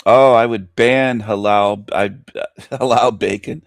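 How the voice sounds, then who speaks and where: A man's voice: on the low side, steady tone, takes it slowly, dry recording, studio quality. A male radio host in a crude, ranting shock-jock monologue, who often laughs at his own jokes.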